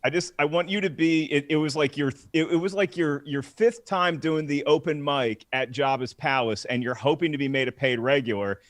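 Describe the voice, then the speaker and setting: A playful male co-host bantering on a live show and setting up comedy bits. His voice sits a little high and stays light. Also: normal speed, hardly any pauses.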